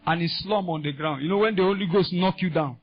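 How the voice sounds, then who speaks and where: Husky Nigerian preacher, impassioned. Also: male voice, high-pitched, fast. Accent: Nigerian English. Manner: impassioned preaching that climbs into shouting. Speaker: pastor. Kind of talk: sermon. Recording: dull lo-fi sound.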